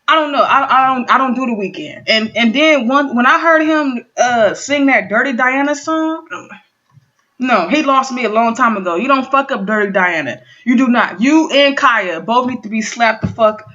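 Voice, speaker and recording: Woman in her thirties, profane excitable rant, bright edgy tone, dull lo-fi sound. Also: a little high, normal speed. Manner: profane, excitable, talking straight to viewers. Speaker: vlogger. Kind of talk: casual rant recapping an awards show. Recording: dull lo-fi home recording.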